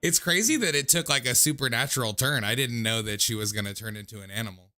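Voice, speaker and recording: A man's voice: mid-range voice, fast talker, sharp tone, no echo, studio quality. A man hosting a call-in stream, talking casually in a loose, rambling, profane way. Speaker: call-in show host.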